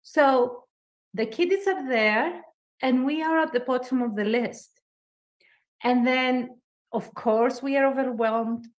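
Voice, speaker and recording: A woman with a foreign accent, a bit high-pitched, talks slowly as a podcast guest. Her delivery is animated and emphatic. She repeats phrases for stress and laughs often. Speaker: guest coach. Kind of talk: podcast interview.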